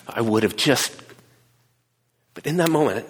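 A middle-aged man preaching a sermon, telling a personal story with emphatic swings between hushed and raised delivery. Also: medium pitch, animated, a little slow, long pauses, breathy edge. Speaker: pastor. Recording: long hall reverb.

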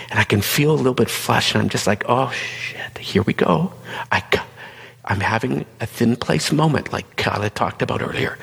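A man, a pastor, giving an earnest, conversational sermon that often drops into hushed, whispered asides. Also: mid-range voice, creaky, slightly rough, big-room sound. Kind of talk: personal sermon talk.

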